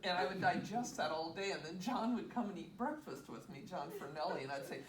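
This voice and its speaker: A woman recounts a personal story in a casual, animated voice, often breaking into laughter and acting out the voices of the people she quotes. She is picked up from a distance in an echoing room, with steady background noise. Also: fairly low pitch, a little fast. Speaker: guest sharing testimony.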